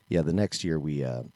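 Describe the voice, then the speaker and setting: A man's voice: very deep voice, darkish tone, a little hiss or hum. A middle-aged man, a podcast co-host, telling a childhood story in casual chat and acting out the voices he quotes. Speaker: podcast co-host, martial arts instructor.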